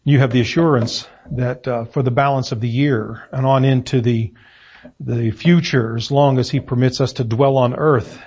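A middle-aged man gives a deliberate, emphatic sermon in a church meeting room. His voice is husky and sits at an ordinary pitch. The recording is dull and muffled, like an old lo-fi church tape. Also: darkish tone. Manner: deliberate, emphatic preaching with pauses and fillers. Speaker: preacher. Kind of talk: sermon with scripture reading.

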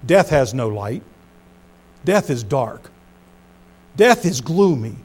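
A middle-aged man preaching a sermon as pastor, swinging between loud emphasis and hushed low phrases. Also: very animated, slow pace, slightly rough.

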